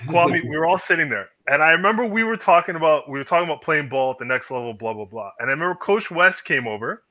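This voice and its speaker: Podcast host, man, lively storyteller who swears freely; slightly dull lo-fi audio. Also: fairly high pitch, quick pace. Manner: animated storyteller, acts out quoted voices, swears freely. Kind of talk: casual chat.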